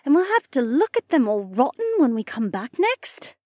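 A brash, foul-mouthed young woman, voiced by a male narrator. Her raised, high voice sounds blunt and crude. The sound is dry. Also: big pitch swings, moderate pace, no echo, full character voice. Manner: brash, profane. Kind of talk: audiobook character voice.

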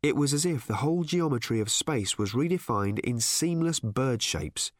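Man reading a story aloud, wry and measured, lots of ups and downs, dry close sound. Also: medium pitch, animated, no room sound. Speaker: narrator. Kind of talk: audiobook narration.

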